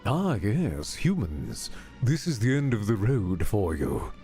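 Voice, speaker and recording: A man voicing a vengeful male monster leader from a game with a slow, booming villain delivery. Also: huge pitch swings, warm tone, soft background music, full character voice. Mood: menacing. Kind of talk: voicing game dialogue on a livestream.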